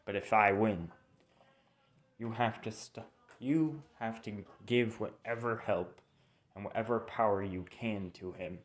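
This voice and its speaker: A man voicing a tall shadowy male swordsman in a fan story, slow and measured with low hums. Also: close to an everyday voice. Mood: menacing.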